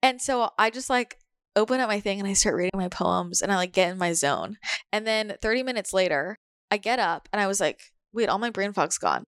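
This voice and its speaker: A woman's voice: medium pitch, lively intonation, fairly quick, fairly bright tone, clean tone, dry recording, studio quality. Candid woman in casual podcast chat. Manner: candid, swears, acts out quotes.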